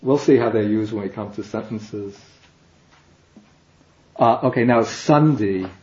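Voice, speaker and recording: A man teaching a language class, explaining slowly and patiently, step by step. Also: lowish voice, darkish tone. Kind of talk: classroom lecture. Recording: dull, echoey classroom recording.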